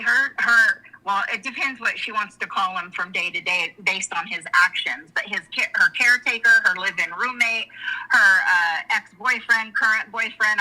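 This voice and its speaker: Bright-voiced woman, frank and rambling. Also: medium pitch, rough recording. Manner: frank and emotional, rambling with restarts. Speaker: guest. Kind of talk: candid personal storytelling in conversation.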